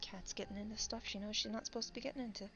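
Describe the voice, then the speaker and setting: Medium-pitched and steady, with a creaky quality, this woman's voice comes through a dull lo-fi mic over faint background music and a noisy background. A content creator, she rambles casually while drawing, often laughing and doing quick character voices.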